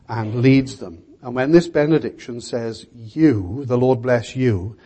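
A man's voice: medium pitch, warm tone, slightly rough. An older man preaching a sermon in an earnest, emphatic way, repeating key words.

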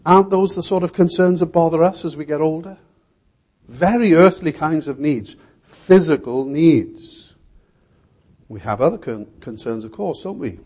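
Man, pastor, evening sermon; husky tone, measured delivery with rhetorical questions. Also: fairly high pitch, a little mellow.

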